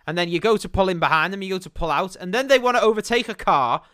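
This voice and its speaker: A man's voice: high-pitched, fast, bright, forceful tone, smooth, dry recording, clean studio sound. A man co-hosting a podcast, ranting and mocking in casual, heavily profane banter. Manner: ranting, mocking, swears constantly. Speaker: podcast co-host.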